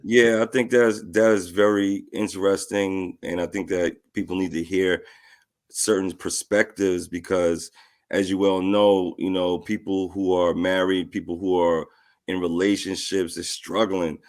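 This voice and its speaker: Very deep flat-voiced male host. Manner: measured, thoughtful, some filler words. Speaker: podcast host. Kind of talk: casual interview.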